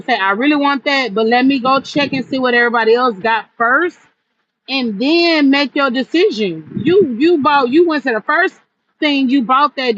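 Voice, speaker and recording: A woman's voice: fairly high pitch, fairly bright tone, lo-fi sound. Chatty woman at a windy outdoor stall. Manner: chatty, retells arguments with quoted back-and-forth. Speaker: vendor selling gift baskets on a livestream. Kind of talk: casual livestream storytelling. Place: outdoor vendor stall on a cold, windy day.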